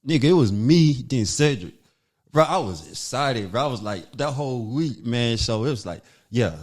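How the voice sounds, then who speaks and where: A man from North Carolina, guesting as a comedian, animatedly and casually recounts a story while impersonating other people's words. He talks at a normal speed in a medium pitch.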